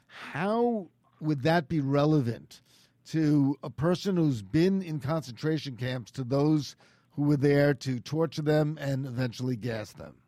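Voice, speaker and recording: A man's voice: fairly high pitch, expressive, measured pace, warm tone, no room sound. Blunt man in his sixties, dry studio sound. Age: 60s. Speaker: radio host. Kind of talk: radio interview.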